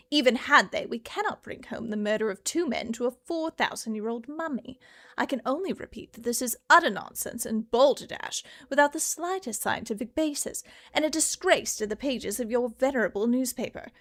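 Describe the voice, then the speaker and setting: A woman's voice: fairly high pitch, a bit bright. A woman reading aloud as a stern male Victorian doctor, in a pompous, mock-formal way.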